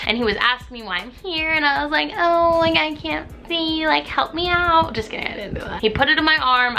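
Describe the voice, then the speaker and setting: A woman's voice: fairly high pitch, creaky, bright, forceful tone. A young woman telling a story to the camera in a casual vlog, chatty and dramatic, with "like" in nearly every phrase. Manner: chatty, dramatic, heavy use of "like". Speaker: vlogger.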